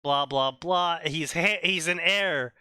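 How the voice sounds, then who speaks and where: A man's voice: a little high, slow pace, bright, forceful tone, smooth, dry recording, studio quality. A young man co-hosting a comedy show, casually summarizing a story in rambling fashion with lots of filler. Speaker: co-host reading fanfiction.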